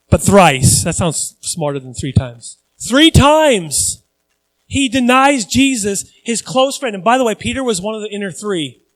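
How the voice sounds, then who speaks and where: A man's voice: high voice, no room sound. A male pastor preaching a conversational sermon, earnest and repeating phrases for emphasis.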